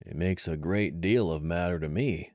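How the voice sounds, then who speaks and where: A man voicing a cheery, wisecracking male adventurer guide who jokes with quick comebacks. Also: deep voice, a little mellow, no room sound, clean studio sound. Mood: wry.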